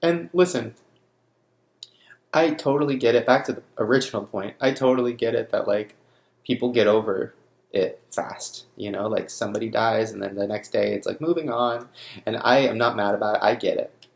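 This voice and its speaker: A young man speaks straight to camera in a personal vlog, shaken by grief. His voice sits low with a gravelly fry, and his sentences break off and restart. The sound bounces around a roomy space. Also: steady tone. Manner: grieving, halting, restarts often. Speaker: vlogger.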